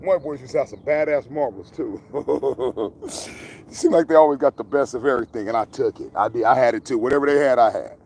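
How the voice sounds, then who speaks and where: A man's voice: medium pitch, fairly quick, darkish tone, slight background noise. A man casually rambling to his viewers outdoors in the country, joking and cursing freely. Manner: profane, joking, talks to viewers. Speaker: vlogger. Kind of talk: casual rambling livestream vlog.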